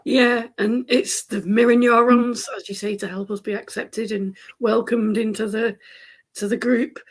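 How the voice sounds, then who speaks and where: Female host with a northern English accent, somewhat high voice, friendly and laughing often. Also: level tone, a little slow, slightly rough. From England. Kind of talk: casual conversation.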